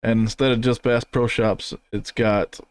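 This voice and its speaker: A man's voice: mid-range voice, a little slow, clear, resonant tone. A man co-hosting a podcast in casual chat, rambling and easygoing, laughing often. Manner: relaxed, rambling, laughs easily. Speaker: podcast co-host. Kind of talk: casual chat reviewing race car paint schemes.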